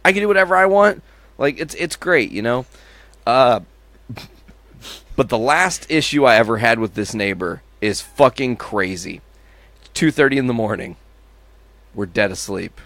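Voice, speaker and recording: A man with a mid-pitched voice tells stories with a lot of rise and fall, swearing freely and mimicking horn noises. The sound is dry and close, with no room around it. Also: expressive, normal speed, long pauses, a bit bright, no echo. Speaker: podcast co-host. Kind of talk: casual chat.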